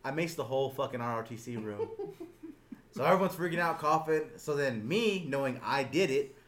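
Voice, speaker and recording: A man's voice: medium pitch, brisk. A young man casually telling a story to friends, swearing freely and acting out voices with laughter. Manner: animated, swearing, acts out voices loudly while laughing.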